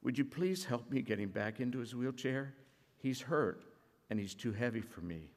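A man speaking as a small, frightened boy who is crying and begging for help, his voice hushed and slightly raised in pitch. The words ring out with a long reverb, as in a church hall. The pitch itself sits in a middle range. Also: moderate pace, natural voice. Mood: tearful pleading. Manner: tearful, pleading, hushed. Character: sobbing young boy pleading for help.

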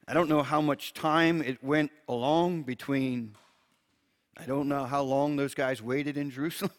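A man who preaches in a gentle way, reads scripture aloud and chuckles often while he teaches. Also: medium pitch. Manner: gentle, chuckles often, repeats words when restarting.

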